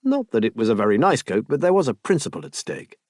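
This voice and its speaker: A man narrating a romance audiobook in an expressive, intimate reading. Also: mid-range voice, quick pace, dry recording, studio quality.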